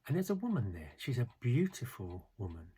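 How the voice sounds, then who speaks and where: A man teaching a mindfulness lesson in a calm, gentle, measured way. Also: mid-range voice, slightly rough.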